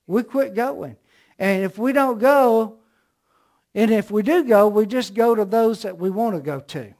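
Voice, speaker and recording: Southern male preacher, middle-aged, high tenor, punches key words, tells stories from the pulpit. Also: measured pace, darkish tone. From American South. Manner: emphatic, storytelling preacher with rising emphasis. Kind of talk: sermon.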